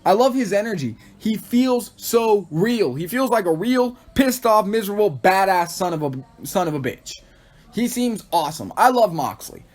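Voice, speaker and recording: A man with a high voice hosts a wrestling podcast from Texas. He recaps the show in a casual, excitable way and slips into goofy voices to act out what the wrestlers said. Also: moderate pace. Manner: excitable, acts out quoted wrestlers in funny voices. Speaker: podcast host.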